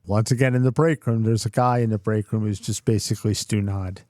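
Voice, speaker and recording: A man's voice: fairly low pitch, steady tone, a little fast, dark tone, dry recording, studio quality. A middle-aged man co-hosting a podcast, telling a workplace story in a cursing, ranting way. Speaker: podcast co-host. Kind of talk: casual chat.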